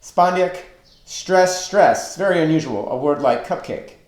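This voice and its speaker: A man teaching a webinar lecture on poetry, deliberately counting out stressed and unstressed syllables. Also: fairly high pitch, animated, roomy sound.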